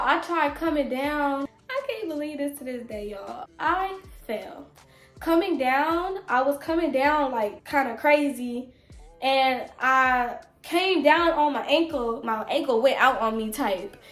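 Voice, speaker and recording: High-voiced chatty young woman, echoey room. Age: 20s. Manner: chatty, animated, talks straight to viewers. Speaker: vlogger. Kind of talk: casual storytime vlog.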